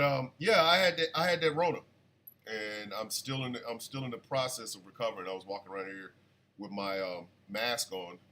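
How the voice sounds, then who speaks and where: A man hosting a casual live radio show, chatty and animated, still congested from an illness. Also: medium pitch, slight background noise. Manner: chatty, animated, shouts at his dogs. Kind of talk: casual livestream talk radio.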